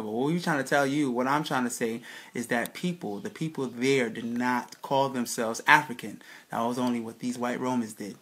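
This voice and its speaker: A man's voice: medium pitch, normal speed, fairly bright tone. A man giving a casual spoken lecture over slides, emphatic and full of rhetorical questions, often checking in with his listeners and restarting sentences. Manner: emphatic, keeps asking "right, people?".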